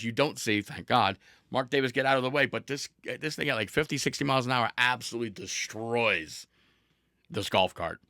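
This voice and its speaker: Man, podcast host, bright tone, dry close sound, animated storytelling, casual chat. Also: medium pitch, brisk, no room sound. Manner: animated storytelling with laughs and restarts.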